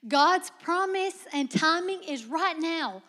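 A young woman preaching a lively, humorous sermon, moving between soft low asides and loud emphatic lines, with frequent laughter. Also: takes it slowly. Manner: laughs often.

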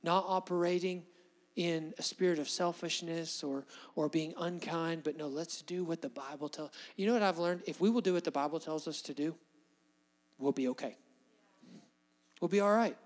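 A man preaches with passion, his voice pitched a little high. He swells loud for emphasis and then drops low. The sound carries a long reverb, as in a large hall. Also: moderate pace. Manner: impassioned, rises and drops in volume for emphasis. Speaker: pastor. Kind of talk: sermon.

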